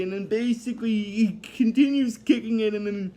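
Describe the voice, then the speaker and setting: A man's voice: high-pitched, moderate pace, dark tone. A man casually recapping a cartoon episode, rambling and hesitant with many fillers, apologizing when he drifts.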